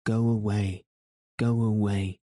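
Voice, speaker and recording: A man's voice: fairly low pitch, level tone, slow, dark tone, dry recording, clean studio sound. A man reading as a bitter betrayed wife. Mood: bitter despairing.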